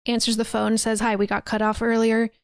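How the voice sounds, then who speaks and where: A woman's voice: on the high side, monotone, fairly quick, no room sound, studio quality. A woman hosting a podcast, casually recapping a horror movie, swearing and acting out the characters' lines. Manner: chatty, acts out quotes, swears freely.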